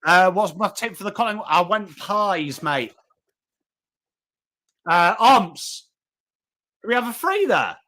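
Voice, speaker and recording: An English man calls a footy match live for his stream, his voice sitting a touch higher than most men's. He swings between urging his team on and greeting viewers by name, talking animatedly into a desk mic. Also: big pitch swings, takes it slowly, pauses often, bright, forceful tone. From England. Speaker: livestream host. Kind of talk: live watchalong commentary and chat replies.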